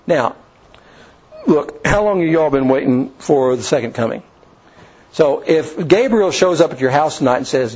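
A man's voice: fairly high pitch, expressive, moderate pace, a little mellow, breathy edge, highs cut off. A man preaching a sermon, acting out the scenes he tells. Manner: folksy storytelling, acts out the scenes.

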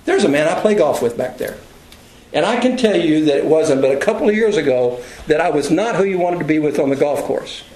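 An older man gives a conversational sermon to a class, telling self-deprecating stories in a folksy way. His voice sits high, and the room echoes around him. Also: expressive, a little fast, darkish tone. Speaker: Bible class teacher.

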